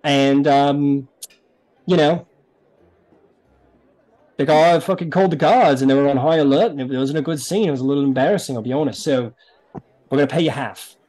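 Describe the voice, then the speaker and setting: A man's voice: a little high, moderate pace, pauses often, mellow, lightly acted. A man voicing a blunt male criminal contact in a tabletop game, speaking crudely and matter-of-factly with frequent swearing. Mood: disappointed.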